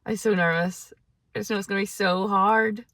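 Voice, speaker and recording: A woman's voice: medium pitch, fairly even intonation, moderate pace, fairly bright tone. A young adult woman vlogging to camera in a casual, chatty way, full of filler words.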